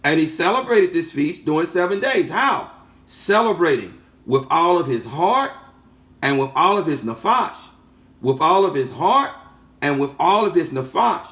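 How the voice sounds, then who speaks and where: A man's voice: fairly high pitch, expressive, unhurried, fairly bright tone. A man giving a sermon teaching, reading out passages and repeating phrases for emphasis with rhetorical questions. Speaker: preacher.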